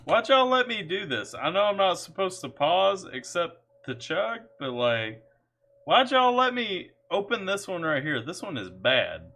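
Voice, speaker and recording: A man's voice: high-pitched, big pitch swings, measured pace, bright, forceful tone, soft background music. A man reacting live on stream, exclaiming and joking about the videos.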